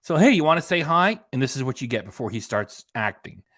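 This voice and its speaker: A man's voice: mid-range voice, big pitch swings, fairly quick, a bit bright, no room sound. Sarcastic man in dry commentary. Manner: sarcastic, rambling. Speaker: reaction channel host. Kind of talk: casual commentary.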